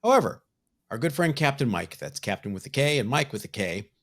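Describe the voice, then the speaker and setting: A man's voice: medium pitch, big pitch swings, brisk, gravelly, a bit bright. A man co-hosting a podcast in casual chat, wry and teasing toward his partner. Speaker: podcast co-host.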